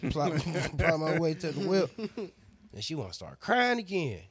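A man, a barber, casually telling a crude story with lots of slang and voiced quotes, animated and loud at times. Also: a little high, measured pace, crowd noise.

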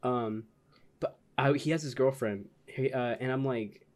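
A man's voice: mid-range voice, measured pace, a little mellow. Man, podcast co-host, casual rambling storyteller, laughs often. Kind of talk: casual chat.

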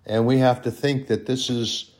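A middle-aged man preaches a sermon and teaches from the Bible in a conversational way, full of fillers and self-corrections. He swings between soft asides and loud, rising proclamations. His pitch is medium, his tone steady, and his pace moderate.

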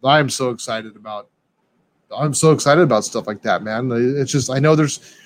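A man in a casual podcast chat, talking in an excitable, rambling way and peppering his talk with dude and man. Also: mid-range voice, normal speed.

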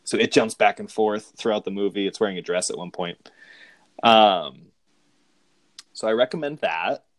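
Low-voiced man rambling through movie plots. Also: normal speed, long pauses, dry recording. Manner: rambling, amused, with frequent restarts and laughs. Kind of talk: casual chat recapping movies.

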